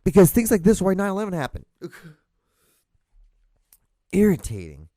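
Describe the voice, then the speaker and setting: A young man hosting a podcast, ranting alone in a small room, swearing constantly and mocking people with quick put-on voices. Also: high voice, very animated, mellow, dry recording. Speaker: podcast host. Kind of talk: profane ranting monologue.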